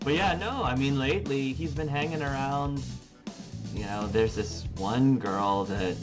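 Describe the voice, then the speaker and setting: A man's voice: mid-range voice, lightly acted. Guy doing an easygoing young guitarist dude, rambly and chill, guitar music behind. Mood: relaxed. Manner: casual, rambling, drawn-out filler words. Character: laid-back young male guitarist, easygoing and chatty. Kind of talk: tabletop role-play over phone call.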